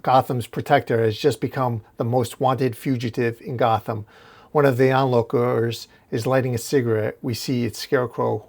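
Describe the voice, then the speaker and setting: A man's voice: medium pitch, darkish tone. A man narrating a comic book story panel by panel in a casual recap style. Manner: recounts panel by panel, casual restarts.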